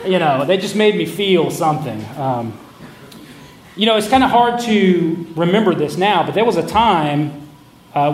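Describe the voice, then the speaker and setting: A man's voice: on the high side, darkish tone, a little hiss or hum. A middle-aged man telling a candid, self-mocking personal story in a conversational way. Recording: roomy echo.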